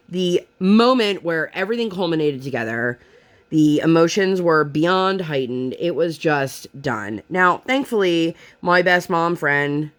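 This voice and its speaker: A young woman, a mother from Pennsylvania, chatting casually about her day, retelling it with frustration and lots of fillers. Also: low voice. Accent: Pennsylvania American. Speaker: vlogger and mother. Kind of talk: casual storytelling chat while crafting. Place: home craft table.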